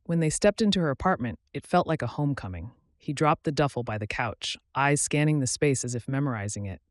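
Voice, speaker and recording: A man narrating a romance audiobook in a soft, intimate, unhurried way on a close studio mic. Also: mid-range voice, animated, dry recording.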